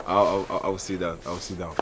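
A man's voice: low voice, little pitch movement, fairly quick, background noise, lightly acted. A man playing an eager, stammering suitor with a Nigerian accent. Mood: coaxing. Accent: Nigerian Pidgin. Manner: stammering, coaxing, laughing. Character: eager man wooing a woman, pleading, playful.

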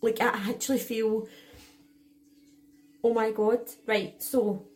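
A young woman with a slightly high voice tells a story to camera. She rambles through it with lots of fillers and swearing. She still sounds shaken and jittery. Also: little pitch movement, slow, darkish tone. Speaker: vlogger.

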